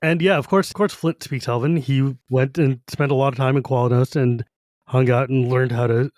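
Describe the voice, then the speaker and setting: A man's voice: medium pitch, steady tone, normal speed, darkish tone, dry recording, studio quality. A man co-hosting a podcast in casual fan discussion, enthusiastic and rambling, swearing now and then. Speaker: podcast co-host.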